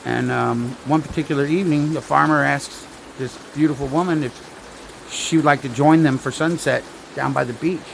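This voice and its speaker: A man with a heavily gravelly voice tells rambling jokes with dry asides on a casual stream. His pitch sits in the middle, and faint rain comes in behind him outdoors. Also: steady tone, moderate pace, fairly bright tone, slight background noise, rough recording. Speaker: storm-watching vlogger. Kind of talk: casual joke-telling livestream.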